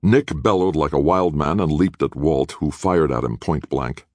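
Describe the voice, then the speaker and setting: Very deep-voiced male narrator, dry. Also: moderate pace, darkish tone, no room sound. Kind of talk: audiobook narration.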